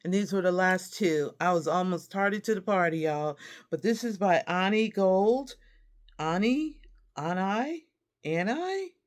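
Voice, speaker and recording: A woman's voice: lowish voice, moderate pace. Chatty woman showing off a haul. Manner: chatty and warm, addresses viewers as y'all, laughs often. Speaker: host. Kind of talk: casual haul vlog chat.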